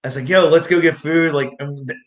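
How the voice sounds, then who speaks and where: A young man with a fairly high voice tells his stories in a rambling, excitable rush, jumping into what others said as he goes. He is recorded in an echoey room. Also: brisk. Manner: excitable, rambling, acts out quotes. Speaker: guest, amateur street fighter. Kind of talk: casual storytelling interview.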